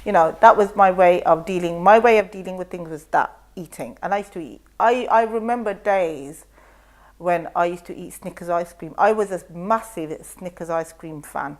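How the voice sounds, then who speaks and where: A middle-aged woman talks as a guest on a talk show. Her voice sits a little low. She tells her story with animation and voices the other people in it. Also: moderate pace. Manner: animated storytelling, acts out quotes. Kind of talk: casual chat.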